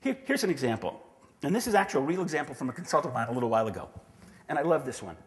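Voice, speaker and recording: Man, conference keynote, lively pitch, acts out quotes, restarts, hall reverb. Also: racing. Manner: animated, acts out quoted voices, frequent restarts. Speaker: conference speaker.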